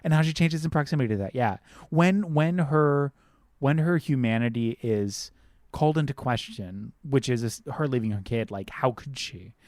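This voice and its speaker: A man's voice: medium pitch, moderate pace, darkish tone, dry recording, clean studio sound. A man co-hosting a podcast in casual film chat, earnest, repeating phrases as he thinks and acting out quotes. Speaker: podcast co-host.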